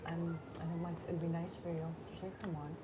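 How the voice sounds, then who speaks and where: A woman talking offhandedly in a fairly low voice and laughing between sentences. She is recorded on a clip-on body mic with clear, steady background noise. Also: a little fast. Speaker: reality show contestant. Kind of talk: casual chat. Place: inside a house.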